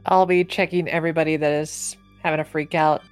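A low-voiced woman describing her character's actions in a tabletop game. She talks casually and hesitantly, with lots of "like"s, over faint music. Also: little pitch movement, fairly quick, clear, resonant tone. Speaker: player.

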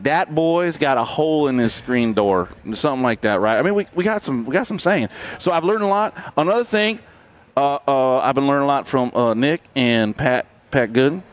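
Hosting a casual live podcast from a racetrack grandstand that overlooks the pit, a man rambles and jokes, restarting often and using plenty of filler words. His mid-range voice is animated and moves at a normal speed.

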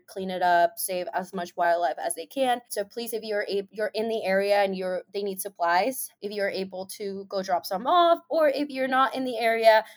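A young woman co-hosting a podcast in casual chat, telling stories animatedly, swearing freely and acting out what people said. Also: mid-range voice. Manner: animated storytelling, swears freely, acts out quotes. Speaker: podcast co-host.

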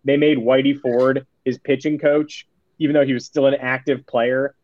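A man's voice: mid-range voice, little pitch movement, moderate pace, a little mellow, no echo. A man co-hosting a casual sports podcast who talks in a wry, sarcastic, rambling way. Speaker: podcast co-host. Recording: dull, dry sound.

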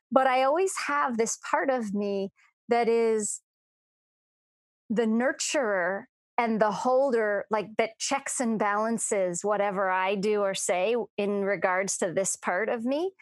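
A woman's voice: a little high, dry recording. A woman coach talking earnestly and reflectively in a podcast conversation, often restarting her sentences.

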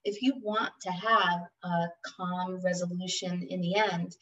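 A woman's voice: lowish voice, fairly even intonation, unhurried, fairly bright tone, dull audio. A woman co-hosting a casual podcast chat, reflective and agreeable in manner. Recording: voice somewhat distant from mic.

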